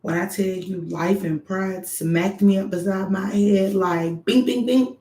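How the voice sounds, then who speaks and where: A woman giving frank, animated advice straight to her viewers in a candid monologue. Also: medium pitch, a little slow. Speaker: doctoral student vlogger. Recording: echoey room.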